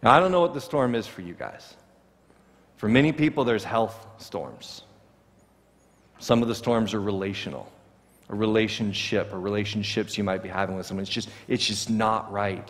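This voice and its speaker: A man preaching a sermon to his congregation, expressive and acting out the words he quotes. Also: fairly low pitch, long reverb tail. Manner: expressive, voices Jesus' words with rising emphasis. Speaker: pastor. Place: church sanctuary.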